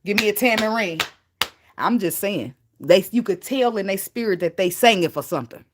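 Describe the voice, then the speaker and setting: A woman's voice: mid-range voice, animated, moderate pace, noisy background. A woman tarot reader in a casual spiritual vlog, talking bluntly and emphatically, swearing freely and laughing often.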